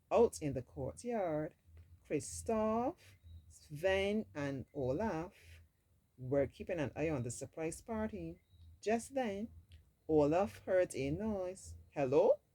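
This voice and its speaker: A woman's voice: sits low, expressive, slow, dark tone, low-quality recording. A woman reading a storybook aloud expressively, dropping in casual asides of her own. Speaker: storybook reader.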